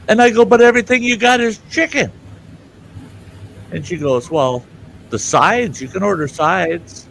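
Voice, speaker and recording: An older man telling a story in casual chat, animated and loud, jumping into outraged voices for the people he quotes. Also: sits high, measured pace, vocal fry, pauses often, a little hiss or hum. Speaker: show host telling a story.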